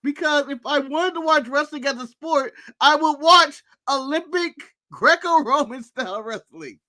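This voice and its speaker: A man's voice: extremely high pitch, normal speed, pushed and bright. An American man co-hosting a wrestling podcast, chatting casually with blunt, crude jokes. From United States. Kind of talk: casual chat.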